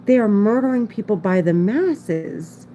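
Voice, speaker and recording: A woman's voice: medium pitch, lively intonation, a little slow, mellow, slight background noise, low-quality recording. A woman talking in a casual monologue to the camera, rambling anxiously and repeating herself with frequent restarts. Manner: rambling, repetitive, restarts often; anxious, insistent. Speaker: vlogger.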